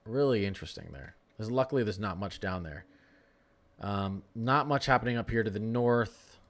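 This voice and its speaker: A man's voice: fairly low pitch, moderate pace. A young man hosting a live severe-weather stream, chatting casually and teasing his viewers. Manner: joking, talks to chat, frequent laughs. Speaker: livestream weather host.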